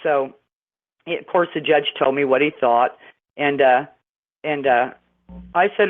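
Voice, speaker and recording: A woman's voice: low voice, measured pace, pauses often. Middle-aged woman calling in, rambling and indignant, stop-start delivery, thin phone-line sound. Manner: rambling, indignant, many restarts. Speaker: guest caller. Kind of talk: phone-in interview storytelling.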